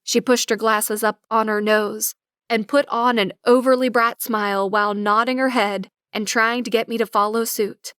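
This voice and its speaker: A woman narrating a romantic comedy audiobook in first person, with wry, lively storytelling. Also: fairly high pitch, normal speed, clean tone, no room sound, studio quality.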